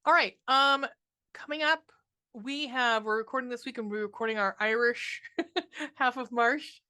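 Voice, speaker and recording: Slightly high-pitched and bright, her voice sounds pushed as she talks at a moderate pace. This woman reviews horror films on a podcast she co-hosts, ranting in loose, profanity-heavy chat full of ums.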